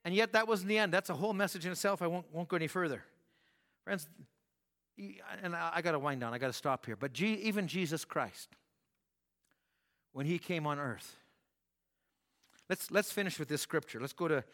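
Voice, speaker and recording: A man preaching a sermon in a church hall, telling stories with animation, acting out voices and rising to shouts. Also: a little high, moderate pace, pauses often. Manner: animated storytelling, acts out voices, rises to shouts. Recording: long hall reverb.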